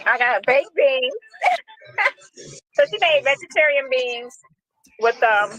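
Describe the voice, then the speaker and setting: A woman's voice: high voice, slow, a bit bright, poor audio. A woman chatting casually on a video call, rambling and repeating herself with fillers. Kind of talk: casual phone chat.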